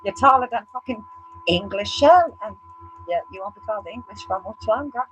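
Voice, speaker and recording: Amid heavy background noise, a female co-host with a mid-range voice talks fairly quickly on a casual chat show. She's blunt and foul-mouthed, animatedly performing other people's remarks about her.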